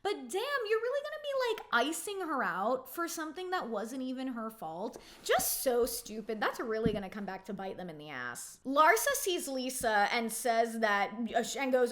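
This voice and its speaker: Lively, gossipy young woman. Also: fairly high pitch, moderate pace, hardly any pauses. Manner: chatty, gossipy, heavy use of "like". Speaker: reality TV recap vlogger. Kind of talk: casual opinionated recap.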